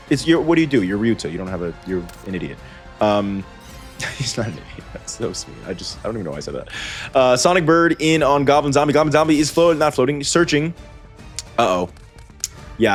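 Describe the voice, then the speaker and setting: Rambling male card-game commentator. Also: fairly low pitch. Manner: rambling, self-correcting, wry asides. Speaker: host and commentator. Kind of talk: gameplay commentary.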